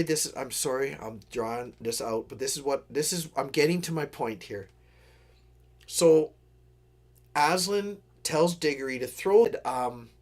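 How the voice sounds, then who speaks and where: Earnest, rambling man with a higher voice. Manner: earnest and digressive, apologetic asides. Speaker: livestream host. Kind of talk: casual storytelling chat.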